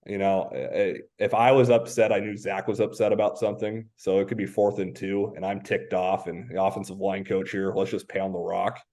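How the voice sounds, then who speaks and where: A man in his thirties from Washington State, a high school football coach telling stories as a podcast guest. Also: flat delivery, a little fast, hardly any pauses, dark tone. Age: 30s. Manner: reflective, anecdotal, many "um" fillers. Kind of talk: casual podcast interview.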